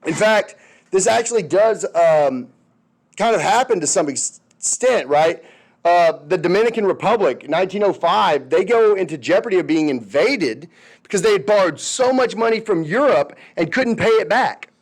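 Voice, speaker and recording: A man's voice: high voice, expressive, normal speed. A male history teacher giving a casual, conversational classroom lecture, often checking in with his students.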